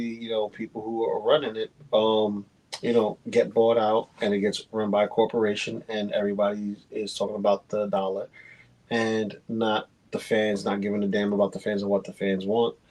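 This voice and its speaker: Man, low voice, casual toy review chat, rambling. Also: a little mellow, rough recording. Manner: rambling, explains prices and figure accessories.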